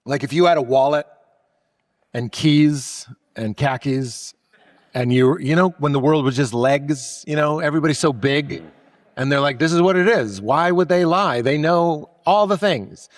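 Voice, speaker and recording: A man's voice: fairly high pitch, moderate pace. Joking man telling his life story. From Massachusetts. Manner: joking, self-deprecating storyteller. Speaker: comedian guest. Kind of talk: casual podcast conversation.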